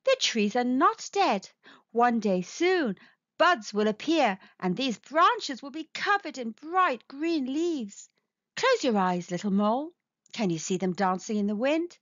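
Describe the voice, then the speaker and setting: A woman playing a gentle mother mole. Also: fairly high pitch, very animated, no echo. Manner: soft, slow and soothing, sometimes whispered. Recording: dull lo-fi sound.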